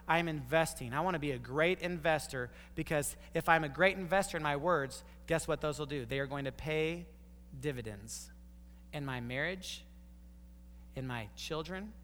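Male pastor, slightly higher voice, sermon delivery in a long-reverb hall. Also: a bit bright, slight background noise. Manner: storytelling with quoted voices, emphatic repeated points.

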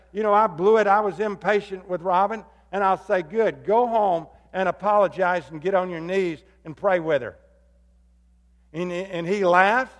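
Man, pastor, sermon, emphatic then hushed, church sanctuary echo. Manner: swings from loud emphatic calls to low hushed appeals. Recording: long hall reverb.

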